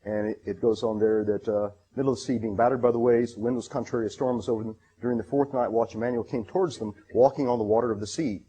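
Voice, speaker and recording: A man giving a lecture presentation, reading passages aloud, halting with many fillers and restarts and enthusiastic about his material. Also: mid-range voice, steady tone, dark tone, slightly rough.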